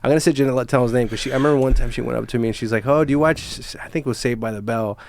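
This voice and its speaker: A man hosting a podcast, telling loose stories about his school days in a quick, animated rush. His voice sits at an ordinary middle pitch, and he swears through nearly every sentence as he talks. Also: a little hiss or hum. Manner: profane, animated storytelling. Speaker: podcast host. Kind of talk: casual chat.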